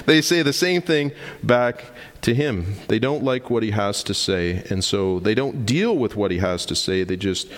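Pastor guy preaching, earnest and deliberate, lots of emphasis, voice ringing in a big reverby church. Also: medium pitch. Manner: earnest, emphatic, deliberate, repeats lines for stress. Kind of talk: sermon. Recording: long reverb of a large hall.

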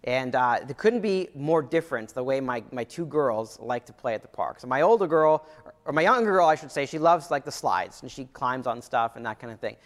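A man's voice: mid-range voice, lively intonation, a little fast. A man in his thirties preaching a sermon in a conversational way, often repeating phrases and restarting sentences. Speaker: pastor. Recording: long hall reverb.

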